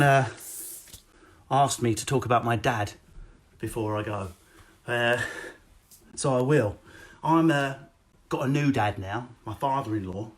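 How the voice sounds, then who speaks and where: Brash male stand-up, quick and sweary, animated storyteller, streaming from home on a webcam. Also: medium pitch. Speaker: stand-up comedian. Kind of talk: live-streamed stand-up set. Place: home, indoors. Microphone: phone or webcam.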